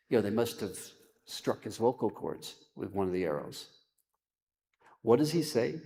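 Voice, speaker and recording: A man's voice: lowish voice, a little mellow. A man, a rabbi, teaching a sermon, chanting verses and then explaining them with dramatic emphasis. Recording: long hall reverb.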